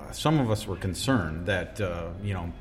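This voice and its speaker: Low-voiced man in an echoing room. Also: animated, moderate pace, faint music behind. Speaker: podcast co-host. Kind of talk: casual sports chat.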